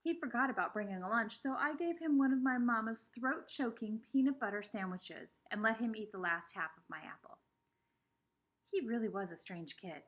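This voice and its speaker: A woman's voice: a little high, moderate pace. A woman reading a children's novel aloud with expression. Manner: expressive, shifting between voices. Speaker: reader.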